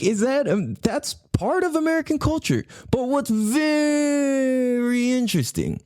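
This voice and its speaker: Man, podcast host, casual chat, lively pitch swings, dry close sound, profane. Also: dry recording. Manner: animated, profane, laughing, rambling.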